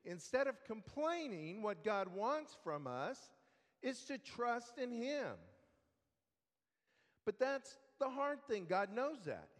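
A man teaching a Bible study lesson in a relaxed, conversational way, with fillers and restarts. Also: very high-pitched, slow pace, in a large hall.

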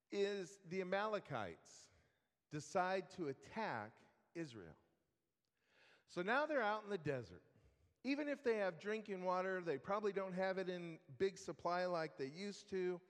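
A man teaching a Bible study lesson in a relaxed, conversational way, with fillers and restarts. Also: high voice, long reverb tail.

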